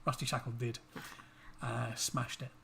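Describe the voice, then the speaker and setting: Man, quiz host, middle pitch, teasing banter, faint background noise. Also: flat delivery, measured pace, vocal fry, pushed and bright. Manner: teasing, jokey asides between questions. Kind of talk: reading quiz questions in casual banter. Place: home livestream.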